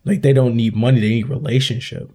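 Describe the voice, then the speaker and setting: A man's voice: mid-range voice, steady tone, fast talker, a little mellow. A man hosting a casual faith conversation, speaking earnestly and reflectively, building his points step by step.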